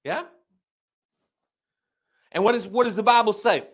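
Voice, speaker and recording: A man's voice: high-pitched, unhurried, long pauses. A man preaching a sermon, asking the congregation rhetorical questions, repeating himself and restarting phrases, and drawing out key words for emphasis. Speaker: pastor.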